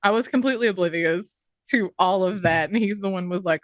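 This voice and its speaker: A woman's voice: mid-range voice, brisk, no room sound, studio quality. A woman co-hosting a podcast, telling a rambling funny story and giggling as she quotes others. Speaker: podcast co-host.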